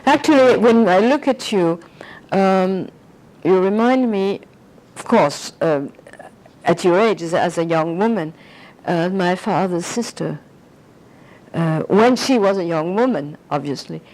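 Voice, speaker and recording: A woman's voice: fairly low pitch, a little slow, a little mellow, rough recording. An older woman being interviewed, reminiscing in a rambling way and slipping into French phrases. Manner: rambling, anecdotal, slips into French.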